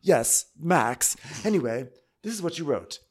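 A man putting on a posh, cutting older woman who reads things out in an arch, drawn-out, mocking way. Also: fairly high pitch, sing-song, slightly rough, full character voice.

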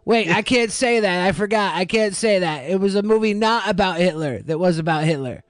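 A man with a slightly high voice co-hosts a casual podcast chat, full of deadpan ironic jokes. The sound is dry and close. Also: a little fast, no room sound. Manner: deadpan jokey, ironic asides.

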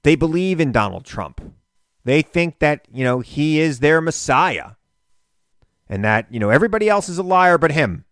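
A man hosting a radio talk show, delivering an animated political monologue with indignant emphasis. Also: fairly high pitch, moderate pace, dry recording, clean studio sound.

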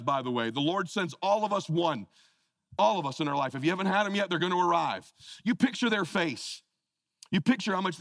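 A high-pitched, gravelly man in his fifties delivers a fired-up motivational talk. He tells stories with voices and shifts to a low, soft tone when he speaks prayerfully. The sound is dry and close. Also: no echo. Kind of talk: motivational speech on stage.

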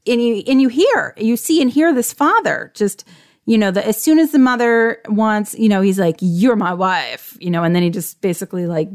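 A woman's voice: on the high side, animated, a little fast, darkish tone. A woman co-hosting a casual discussion, reflective and chatty, leaning on lots of filler words. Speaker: podcast co-host.

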